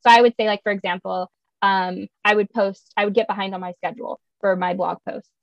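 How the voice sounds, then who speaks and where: A woman's voice: mid-range voice, steady tone, a little fast, vocal fry, no room sound, highs cut off. A young woman talking casually on a podcast, chatty and laughing often, acting out her own voice when quoting herself. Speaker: podcast guest.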